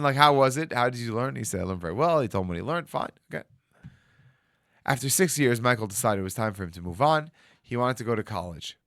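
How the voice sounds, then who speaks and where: A man's voice: on the low side, fairly bright tone, no room sound, studio quality. A man, a rabbi telling a story and acting out the voices of the people in it. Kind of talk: storytelling talk. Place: studio.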